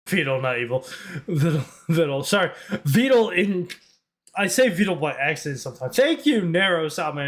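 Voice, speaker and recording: A man streaming live, reacting to clips in a loose, rambling way and swearing freely. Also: on the high side.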